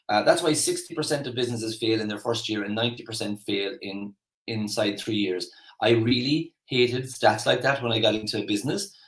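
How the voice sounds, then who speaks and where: A man's voice: fairly low pitch, normal speed, roomy sound, low-quality recording. An Irish man giving a casual motivational talk, chatty and rambling with lots of restarts and fillers. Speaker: motivational speaker.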